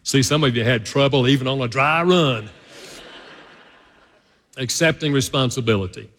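A man preaching a sermon to his congregation, swinging between loud and hushed delivery. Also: mid-range voice, moderate pace, in a large hall. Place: church sanctuary.

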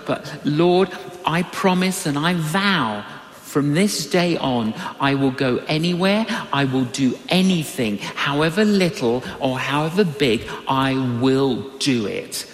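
A man preaching a sermon, telling personal stories with animated swings in his voice. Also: slow pace, echoey room, big-room sound. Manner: animated storytelling with big pitch swings.

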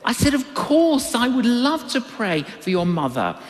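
Heard in the long reverb of a large hall, this older man preaches in a high-pitched voice at a moderate pace. He animatedly tells a personal story within his sermon, performing the voices of those he quotes.

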